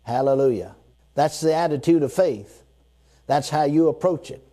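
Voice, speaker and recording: A man preaching a sermon, leading his listeners in call-and-response declarations, repeating key phrases and slowing down to read scripture. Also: a little high, warm tone.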